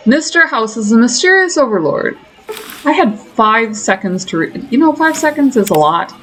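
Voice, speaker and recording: A woman's voice: a little high, sing-song, moderate pace, a bit bright, faint music behind, low-quality recording. A woman streamer giving chatty, self-mocking running commentary while she plays a game. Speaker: gaming streamer. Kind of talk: casual let's-play commentary.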